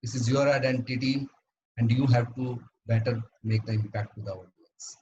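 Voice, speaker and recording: Guy teaching voice tips step by step, earnest, mid pitch, bit of faint hiss behind. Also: steady tone, normal speed, a little mellow, muffled recording. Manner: earnest, instructive, paced in numbered steps. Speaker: club speaker giving a talk. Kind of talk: prepared talk on voice training.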